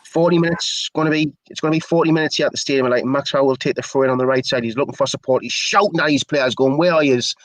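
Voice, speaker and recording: A man's voice: medium pitch, fairly even intonation, very fast, hardly any pauses, a bit bright, slight background noise, low-quality recording. A man giving chatty, opinionated live play-by-play commentary for a fan stream. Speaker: match commentator.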